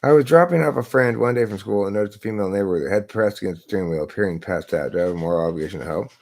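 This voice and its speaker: A man's voice: lowish voice, very fast, gravelly, darkish tone. A man hosting a live stream, arguing points in a lecturing way and posing rhetorical questions to himself, speaking into a laptop. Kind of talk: casual philosophical debate.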